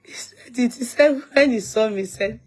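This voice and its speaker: A young woman with a Nigerian accent tells a family story in easy, casual vlog talk. Her voice is husky and a little breathy. She laughs often and slides between English and Yoruba. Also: on the high side, moderate pace, a little mellow. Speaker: vlogger.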